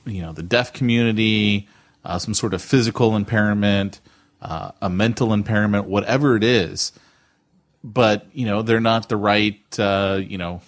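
A man's voice: lowish voice, fairly even intonation, normal speed. A man co-hosting a podcast, asking questions in a casual, conversational way with plenty of fillers. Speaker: podcast co-host.

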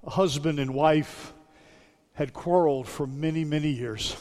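A male pastor giving a sermon, with measured, emphatic preaching and deliberate repetition that sinks to a soft hush. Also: on the high side. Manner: dropping to a soft hush on repeated phrases. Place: church sanctuary. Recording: sermon with long hall reverb.

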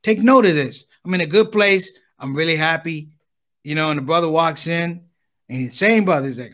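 A man telling a stand-up comedy story, animated and talking straight to the audience while acting out both sides of every conversation. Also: fairly high pitch, a little fast. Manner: animated, addresses the audience directly, acts out dialogue.

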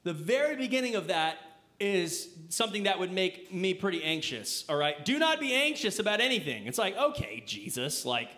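A young man with a noticeably high voice delivers a sermon in a loose, everyday way. He leans on fillers and keeps asking his listeners rhetorical questions, as if chatting with friends. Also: very animated, moderate pace, pushed and bright. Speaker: pastor. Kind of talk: casual conversational sermon.

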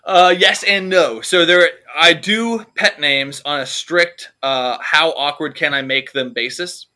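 Rambling through jokes and cursing freely, this comedy podcast co-host keeps things casual. His high voice is pushed and bright, delivered at a measured pace.

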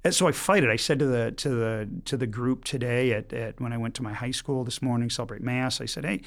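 Brief: middle-aged male priest guest from Michigan, mid-range voice, animated storyteller who trips over his words. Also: medium pitch. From Michigan, United States. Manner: lively, talks in quick bursts with many restarts. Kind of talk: casual storytelling chat.

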